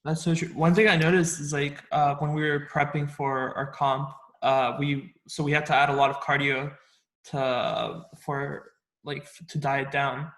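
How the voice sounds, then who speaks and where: A male host with a slightly high voice talks in an easygoing, casual way. The room around him sounds echoey. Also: level tone, unhurried, fairly bright tone. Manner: easygoing, backchannels often. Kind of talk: casual chat.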